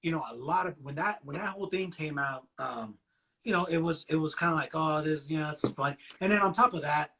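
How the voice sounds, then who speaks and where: A man's voice: fairly high pitch, brisk, vocal fry, background noise. A man from the West Coast of the US, around his forties, hosting a casual chat and telling a laid-back story with plenty of swearing. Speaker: podcast host.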